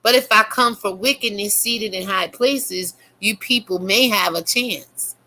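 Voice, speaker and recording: A middle-aged woman delivering a fiery, profane religious rant as an online commentator, shifting between loud preaching and low muttering. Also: measured pace.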